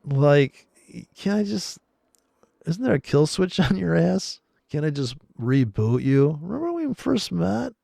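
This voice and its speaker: A man's voice: a little high, very animated, measured pace, vocal fry, mellow, dry recording, clean studio sound. A man rambling sarcastically and profanely in casual chat about trading over charts. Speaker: trading commentator.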